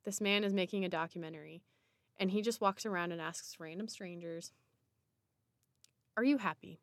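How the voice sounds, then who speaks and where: Woman podcast host, solo reflective talk, warmly encouraging, pausing often, dry close sound. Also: fairly low pitch, fairly even intonation, no room sound. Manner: encouraging, unhurried, with pauses and restarts.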